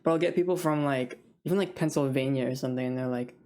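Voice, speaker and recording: A woman's voice: extremely low pitch, fast, darkish tone. A young woman who works in food service rants casually to camera, rambling with many fillers and frequent laughs. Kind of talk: casual vlog rant.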